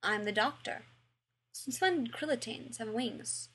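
A woman reading the lines of a calm male alien time traveler, curt and even. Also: on the high side, a little slow, slightly rough, full character voice.

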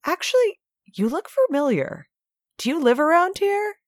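Brief: bold, nosy young man, read by a woman, lively and up-and-down, close dry voice. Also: very high voice, normal speed, dry recording, voice pushed up. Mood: cheeky. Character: bold, cheeky young man, no self-preservation. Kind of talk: audiobook fan fiction reading.

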